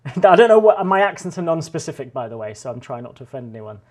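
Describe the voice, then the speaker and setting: A woman's voice: low-pitched, very animated, fast talker, darkish tone. Young woman on a call, chatty and jokey, tosses in asides. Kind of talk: casual chat, interviewing a friend.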